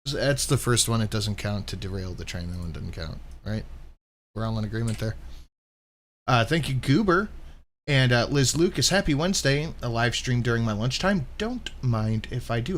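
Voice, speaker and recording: A man hosting a live stream, reacting to another streamer with sarcastic, mocking remarks and thanking donors. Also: medium pitch. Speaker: commentary streamer.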